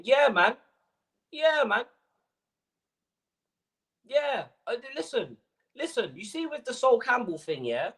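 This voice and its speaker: A young man hosting a football fan livestream, ranting casually with lots of slang and repetition. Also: sits high. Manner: animated ranting, slangy, repeats himself.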